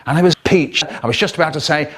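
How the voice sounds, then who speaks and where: A man telling comic stories in a theatrical, animated way, cut up and re-edited. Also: on the high side, fast, slightly rough. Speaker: children's storyteller. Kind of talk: chopped-up comic storytelling.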